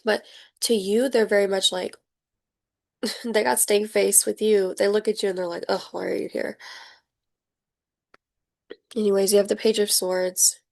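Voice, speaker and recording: A young woman with a medium-pitched voice gives a casual tarot reading. Chatty and animated, she laughs often and acts out the people she describes.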